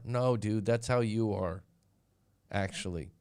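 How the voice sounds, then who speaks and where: On his live stream, a middle-aged dating and breakup coach talks at a normal speed with frequent pauses, his lowish voice smooth and a little mellow. His manner is casual and blunt, and he tells candid stories, voicing short quotes as he goes.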